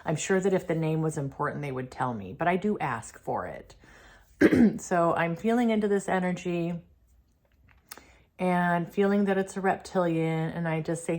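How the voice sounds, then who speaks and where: Low-voiced chatty woman vlogger. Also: animated, moderate pace, darkish tone. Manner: chatty, filler-heavy, laughs often. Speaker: spiritual channeler and vlog host. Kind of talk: casual spiritual vlog.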